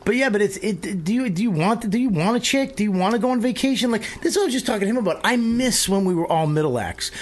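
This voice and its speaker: A man's voice: high-pitched, expressive, quick pace, hardly any pauses. A man hosting a podcast, rambling and swearing freely as he chats with friends, laughing often. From Boston area. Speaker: podcast host. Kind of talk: casual podcast banter.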